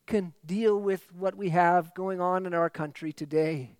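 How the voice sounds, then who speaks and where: A man's voice: high-pitched, steady tone, a little slow, hardly any pauses, clear, resonant tone, dry recording. A man preaching a sermon as pastor, emphatic and full of repeated phrases.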